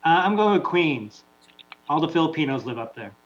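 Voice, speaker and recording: A man's voice: on the high side, sing-song, a little fast, muffled recording. A man from Canada, a guest on a panel, chatting in an easygoing way. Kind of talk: casual panel chat.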